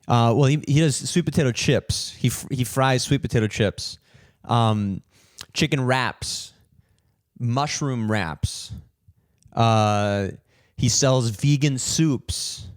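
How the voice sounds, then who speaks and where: A young man hosting a podcast, telling a story in an animated, swearing rant and mimicking people in higher voices. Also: slow, no room sound, studio quality. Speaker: podcast host, comedian.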